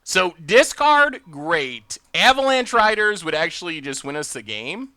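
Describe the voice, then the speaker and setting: A man hosting a live game stream, thinking out loud about his plays and bursting into loud cheers when things go his way. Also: sits high, big pitch swings, measured pace, no room sound, clean studio sound. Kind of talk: live gameplay commentary.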